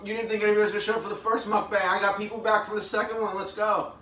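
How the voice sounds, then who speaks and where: Casting: upbeat male streamer, thirties, bright forceful voice, a little off-mic in an echoey room. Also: high voice, flat delivery, racing, far from the mic, a little hiss or hum. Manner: chatty, upbeat, talks with mouth full, reads comments aloud. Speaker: vlogger hosting a live eating show. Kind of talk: casual live-stream chat.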